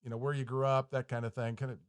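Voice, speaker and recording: Chatty, jokey middle-aged podcast host. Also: male voice, medium pitch, little pitch movement, racing, smooth. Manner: jokey, self-deprecating, chatty. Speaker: podcast host, mortgage lender. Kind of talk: casual podcast hosting. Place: recording studio.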